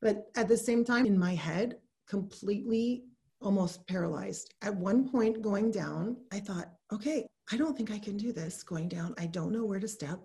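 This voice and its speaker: A woman's voice: mid-range voice, moderate pace, warm tone. A middle-aged woman in casual conversation, telling a story and acting out her own thoughts in quoted lines.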